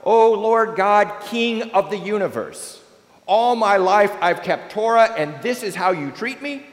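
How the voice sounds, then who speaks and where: Mother calling out to heaven, voiced by a male preacher, loud and lifted, long church reverb. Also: sits high, expressive, unhurried, voice pushed up. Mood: indignant. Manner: crying out in loud formal address. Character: anguished then grateful mother crying to God.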